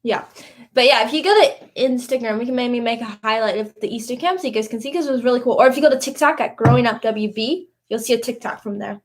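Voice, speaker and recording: A woman's voice: a little high, quick pace. A young woman from Canada on a family live stream, chatting playfully and tossing in jokes. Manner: playful, joking interjections. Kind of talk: casual live-stream chat.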